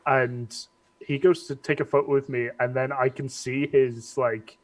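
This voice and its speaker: A man's voice: medium pitch, flat delivery, measured pace. A man, a guest cosplayer, chatting casually and hesitantly, with many restarts as he tells a story. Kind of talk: casual chat.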